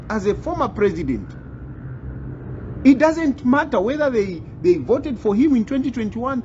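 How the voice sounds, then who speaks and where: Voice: medium pitch, a little mellow, lo-fi sound, a little hiss or hum. A channel host giving commentary, insistent and repeating phrases for emphasis. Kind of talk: commentary to camera.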